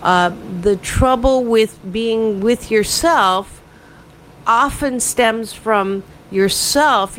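A woman hosting a morning radio talk show as a happiness coach, giving self-help advice in an animated way with quick asides, speaking from a studio. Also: mid-range voice, slight background noise, low-quality recording.

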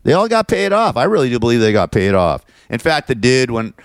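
A man's voice: mid-range voice, very animated, fairly quick, clean tone, dry recording, studio quality. A man hosting his own show, venting in a rambling, repetitive, frustrated monologue. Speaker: show host.

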